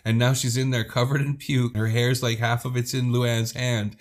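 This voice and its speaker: A man's voice: medium pitch, moderate pace, a little hiss or hum. A man co-hosting a podcast, telling a rowdy personal story in casual chat, swearing freely and acting out the people in it. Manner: profane, animated storyteller who acts out quoted people. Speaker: podcast co-host.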